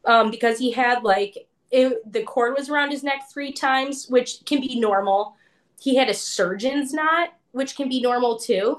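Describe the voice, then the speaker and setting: A woman recounting her own experience in a relaxed, talkative way. She leans on "like" and slips into quoting the people around her as she goes. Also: on the high side. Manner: chatty, full of "like", acts out what others said. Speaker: interview guest. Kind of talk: casual personal storytelling.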